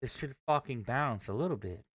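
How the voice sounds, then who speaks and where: A man's voice: medium pitch, animated, brisk, a bit bright, breathy edge, dry recording, studio quality. A man livestreaming his day trading, ranting with heavy profanity. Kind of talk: live trading stream commentary.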